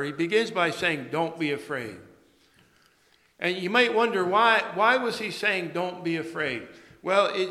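A male pastor giving a morning sermon, speaking haltingly with many fillers and restarts. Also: a little high, pushed and bright. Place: church sanctuary. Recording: long reverb of a large church.

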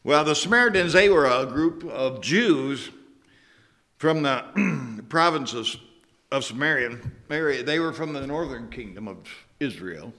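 A man's voice: medium pitch, expressive, unhurried, bright, forceful tone. A man preaching a sermon in a conversational storytelling way, with asides to the congregation.

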